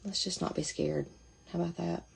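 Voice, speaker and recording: Woman chatting thru a makeup demo, lowish gravelly voice, keeps cutting herself off. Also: fairly even intonation, fairly quick. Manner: chatty, self-interrupting, thinking aloud. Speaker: makeup seller demonstrating products. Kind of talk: casual makeup tutorial.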